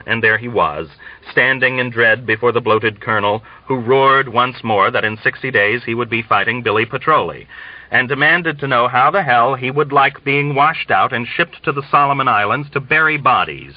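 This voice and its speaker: A man's voice: mid-range voice, normal speed, no echo, highs cut off. Dry-voiced man reading a novel aloud. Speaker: audiobook reader. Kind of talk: scripted narration.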